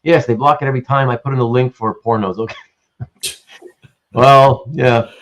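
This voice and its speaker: A man's voice: medium pitch, steady tone, normal speed. A man hosting a casual livestream, chatting and reading viewers' messages aloud with frequent laughs. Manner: chatty, laughs often, reads chat aloud. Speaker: livestream host. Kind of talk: casual live-stream chat. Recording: muffled lo-fi stream audio.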